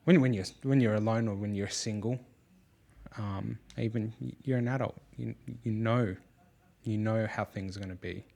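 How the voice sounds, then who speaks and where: A man's voice: fairly low pitch, fairly even intonation, normal speed, gravelly, darkish tone. A man and father hosting a podcast, talking casually and rambling with lots of fillers and restarts. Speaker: podcast host.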